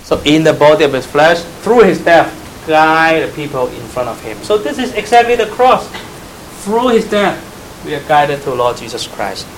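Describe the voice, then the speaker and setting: Chinese-accented guy preaching a bible study, earnest, kinda higher voice, faint hiss behind. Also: expressive, moderate pace, poor audio. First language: Mandarin Chinese. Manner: earnest, emphatic, addresses listeners directly.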